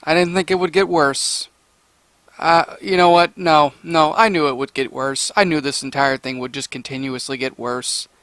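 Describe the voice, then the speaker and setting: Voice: mid-range voice, steady tone, moderate pace, fairly bright tone, no room sound. A story reader giving comedic commentary in a rambling, sarcastic way, full of fillers and restarts.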